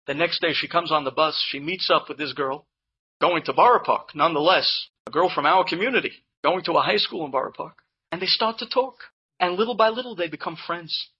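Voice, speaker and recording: A man telling an inspirational story to a live audience in an animated way, with Hebrew and Yiddish terms mixed in. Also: a little high, brisk, lo-fi sound, slight background noise. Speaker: Torah speaker telling inspirational stories.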